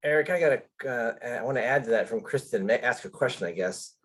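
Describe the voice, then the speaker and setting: A man's voice: mid-range voice, expressive, fast talker, a bit bright. A man attending a workshop who asks a question, hesitating and repeating words as he gets going.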